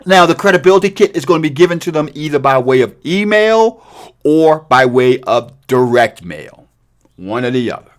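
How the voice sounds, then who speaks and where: A middle-aged man teaching a cold calling script in an energetic, emphatic way, sometimes acting out sample lines for callers. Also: fairly high pitch, normal speed. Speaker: real estate investing coach. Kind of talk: training video walkthrough.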